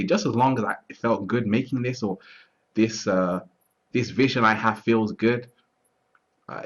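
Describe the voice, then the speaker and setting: A man with a low, husky voice talks through his ideas in an easygoing interview, circling back and restarting phrases as he goes. The recording sounds dull and lo-fi. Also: a bit bright. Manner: repeats words, restarts often, asks "you see what I'm trying to say". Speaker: interview guest. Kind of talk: reflective casual conversation. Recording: dull lo-fi audio.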